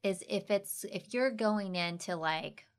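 A woman who is a mother, co-hosting a podcast in a chatty way and chiming in with quick agreements and questions. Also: mid-range voice, clear, resonant tone. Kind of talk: casual podcast chat.

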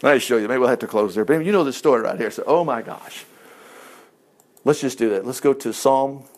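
A man's voice: mid-range voice, a little fast. A man leading an informal Bible study, folksy and chuckling as he talks. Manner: folksy, animated, chuckles often. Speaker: Bible teacher.

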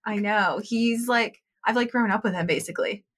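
A woman's voice: mid-range voice, normal speed, a bit bright. A woman in her thirties co-hosting a podcast, telling a story in a giggly, filler-heavy casual way. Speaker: podcast co-host. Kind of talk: casual chat.

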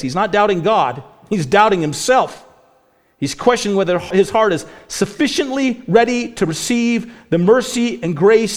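A high-pitched man delivering a sermon as a pastor. He preaches with passion, surging loud on quoted lines, then sinking to a hushed, low voice for words of mercy. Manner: impassioned preaching, rising to near shouts on quoted lines; drops to a low, soft voice for God's promises.

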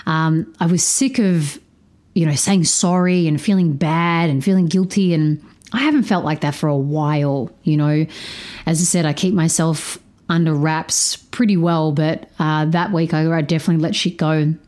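A woman hosting a podcast, telling a personal story candidly, swearing freely and shifting her pace, sounding low on energy. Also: normal speed. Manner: animated, changes pace often. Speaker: podcast host.

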